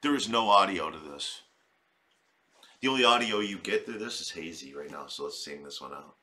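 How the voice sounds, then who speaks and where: A man doing comic reaction commentary in a rambling, profane style. His voice sits low, and it has a bright, forceful edge to it. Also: expressive, moderate pace. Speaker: video commentator.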